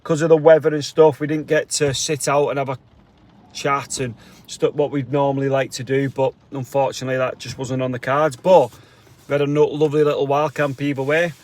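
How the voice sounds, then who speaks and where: A man's voice: mid-range voice, flat delivery, brisk, darkish tone. A man with a Liverpool accent, chatting cheerily to viewers as he vlogs a rainy hike outdoors. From England. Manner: chatty, cheery, slangy, addresses viewers as legends. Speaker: hiking vlogger. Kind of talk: casual walking vlog. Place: outdoors on wet fells, later in a car.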